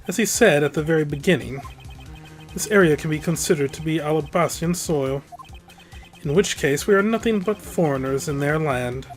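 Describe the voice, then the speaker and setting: A stiff, deliberate male prosecutor with a put-on British accent , voiced by a let's player. He speaks every line with measured formality while quiet game music plays behind. The delivery is even and precise. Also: mid-range voice, natural voice. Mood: composed. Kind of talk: let's-play voice acting of game text.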